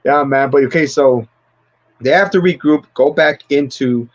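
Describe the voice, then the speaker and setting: A man's voice: medium pitch, normal speed. Rambling, profane man with dull lo-fi sound. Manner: rambling, profane, laughs often. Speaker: livestream host. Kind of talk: casual movie discussion.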